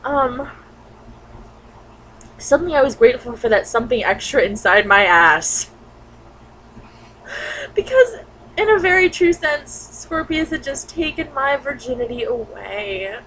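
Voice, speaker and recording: Woman, higher voice, animated comic reader with giggly, exasperated asides. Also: a little slow, pauses often, a little hiss or hum, rough recording. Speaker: reader of bad fan fiction. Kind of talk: comedic dramatic reading with commentary.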